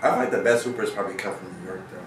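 Chill young guy from around everett, lowish voice, kinda far from the mic in an echoey room. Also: racing, slight background noise. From Everett, Washington area. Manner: laid-back, drawls, says "bro" and "man" a lot. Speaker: podcast guest, rapper. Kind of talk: casual chat.

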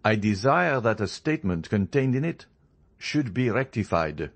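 A man's voice: fairly low pitch, sing-song, normal speed. A man reading a proud young nobleman in a storybook, speaking coldly, formally and with determination. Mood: indignant.

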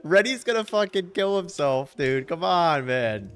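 A high-voiced man commentates his game live, bursting into laughter and swearing as the action unfolds. His pitch leaps up and down a lot, though he often draws his words out slowly, with faint music underneath. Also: clean tone. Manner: excitable, laughing, heavy swearing, talks to chat. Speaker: game streamer.

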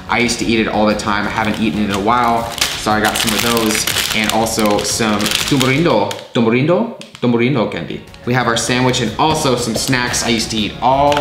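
A young man talking casually to his viewers in a food vlog, chatty and upbeat, calling them folks and guys. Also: mid-range voice. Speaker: food vlogger. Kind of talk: casual vlog talk to camera.

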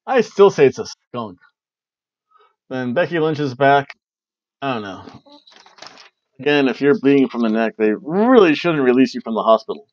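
A man's voice: mid-range voice, animated, moderate pace, pauses often, a little mellow, no room sound. A man recapping wrestling in a casual, rambling way, cracking jokes and tossing in goofy voices as he goes. His voice sits in an ordinary middle range. The recording is dry and slightly muffled, like a basic home setup. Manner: rambling, jokey, breaks into silly voices. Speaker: podcast host reviewing wrestling.

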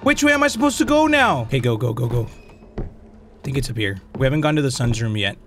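A young man hosting a gaming video, commenting on a horror game as he plays, excitable and profane, muttering to himself and yelling at the game. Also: mid-range voice, fairly quick, faint music behind.

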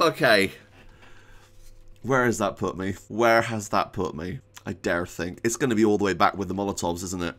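A gaming YouTuber giving let's-play commentary, muttering one moment and yelling the next. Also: deep voice, moderate pace. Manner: excitable, swings from muttering to yelling.

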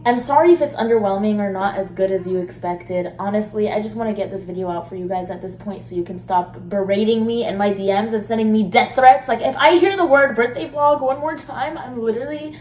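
A young woman of twenty rambles to her viewers in a loose, chatty vlog, full of likes and restarts. Her pitch sits in the middle, and faint noise hums underneath. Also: fairly quick, hardly any pauses, darkish tone, low-quality recording. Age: 20s. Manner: rambling, chatty, lots of fillers. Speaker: vlogger. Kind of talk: casual vlog chat.

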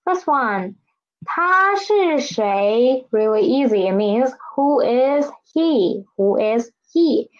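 A woman's voice: sits high, animated, slow, lo-fi sound. A woman teaching a beginner Mandarin lesson, drilling words patiently and repeating them for learners to echo. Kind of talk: online language lesson.

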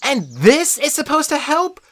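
A narrator voicing a fierce, emotional teenage girl demigod in an audiobook, shrill and close to yelling. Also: huge pitch swings, unhurried, full character voice. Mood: upset. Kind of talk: audiobook character voice.

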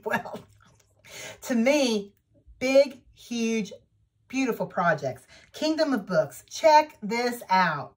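Taking her time, this needlework vlogger speaks in a fairly high, very animated voice. She enthusiastically shows off her projects in a casual show-and-tell chat.

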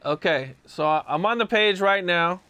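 A male interviewer asks calm, probing questions. His voice sits high and sounds smooth and clear. He leads a guest through a story step by step. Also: normal speed.

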